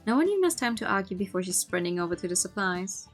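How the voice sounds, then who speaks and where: A woman streamer reading a visual novel aloud, with expressive narration and playful asides. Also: mid-range voice, fast, faint music behind.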